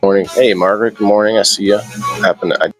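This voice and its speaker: The host of an indoor growing show runs a casual gardening live stream, rambling and chatty, often restarting sentences and laughing. His voice sits on the low side, steady and a bit bright, and he talks fast over faint music.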